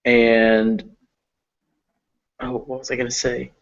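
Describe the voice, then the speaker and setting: A man teaching English pronunciation in an online reading class, explaining patiently and modeling words slowly. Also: medium pitch, flat delivery, lo-fi sound.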